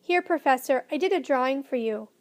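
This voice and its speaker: A woman's voice: high voice, animated, brisk. Woman voicing an eager shy little girl. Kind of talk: storybook reading.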